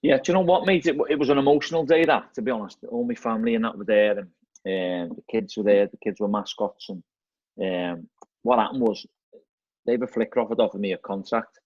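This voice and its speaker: Fast-talking Scouse man, husky voice. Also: lowish voice, a little mellow, no room sound. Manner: chatty, repeats words, says "mate" and "you know what I mean". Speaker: football manager guest. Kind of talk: casual storytelling chat. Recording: slightly dull, dry lo-fi audio.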